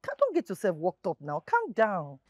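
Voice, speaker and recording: Nigerian pidgin fixer lady, coaxing, calming, very animated pitch, dry sound. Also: moderate pace, no room sound. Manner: coaxing, soothing, repetitive. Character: smooth-talking Nigerian female matchmaker, coaxing.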